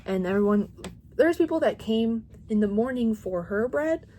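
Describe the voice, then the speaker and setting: A woman's voice: a little high, lively intonation, normal speed, mellow, a little hiss or hum. A woman in her thirties, a crochet vlogger, chatting casually at home and rambling with lots of "like" and restarts.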